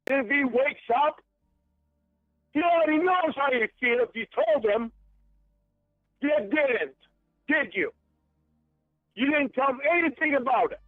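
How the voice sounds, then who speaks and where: A man's voice: very high voice, animated, unhurried, pauses often, dry recording, faint music behind. An angry man on a phone call, accusing and swearing heavily, heard over a tinny phone line.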